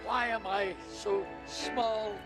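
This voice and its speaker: A man's voice: high voice, steady tone, takes it slowly. A man singing a comic Broadway-style number as an aging man pleading with God. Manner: pleading, sung with big swoops. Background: loud music.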